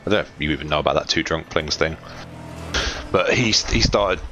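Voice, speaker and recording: A man's voice: extremely low pitch, brisk, pushed and bright, a little hiss or hum. A man from Derby with an East Midlands accent, chatting casually on a stream, swearing freely and chuckling often. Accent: Derby, East Midlands English. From England, Derby.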